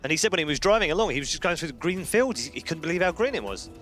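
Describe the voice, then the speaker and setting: A man's voice: fairly high pitch, big pitch swings, very fast, a bit bright, soft background music. A man from the UK, hosting an esports panel in a chatty, teasing way. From United Kingdom. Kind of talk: casual panel chat.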